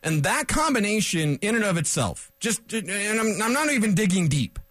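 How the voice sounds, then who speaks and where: Fired-up high-voiced sports radio man. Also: big pitch swings, moderate pace, dry recording. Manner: fired up, loud and rambling, sarcastic asides. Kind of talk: solo sports talk radio rant.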